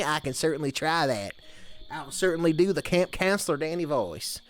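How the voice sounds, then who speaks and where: Fairly high-pitched, expressive and brisk, a man talks casually to his live-stream viewers. His folksy camp-counselor act is packed with drawled "y'all"s, and blankets hang behind him in his home streaming room.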